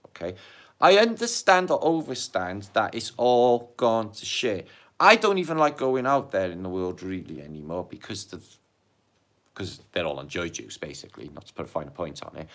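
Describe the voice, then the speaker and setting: A British man hosts a casual livestream, talking straight to his viewers as he reads their comments. His voice is lively, rising and falling a lot. He chats in a jokey, sweary way and swings between loud and hushed. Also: mid-range voice. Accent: British English. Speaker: livestream host.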